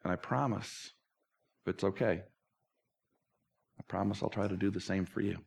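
Gravelly low-voiced male pastor preaching. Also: normal speed. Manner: earnest, candid, swings from animated to hushed prayer. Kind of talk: sermon closing in prayer.

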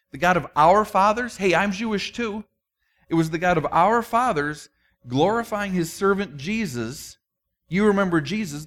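Male pastor, casual sermon delivery, voice a bit on the high side, self-deprecating asides. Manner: conversational, self-deprecating, many restarts, acts out quotes.

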